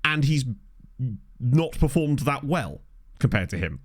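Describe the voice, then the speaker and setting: Unhurried and mid-range, this man's voice swings widely in pitch. He's a gaming streamer chatting casually with viewers over a game, rambling and self-mocking into a desk condenser mic.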